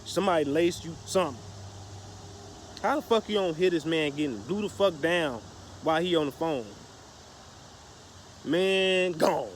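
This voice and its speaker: A man's voice: fairly high pitch, a little slow, long pauses, a little hiss or hum. A man casually telling a story to the camera, profane and slangy, rambling with restarts. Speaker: vlogger.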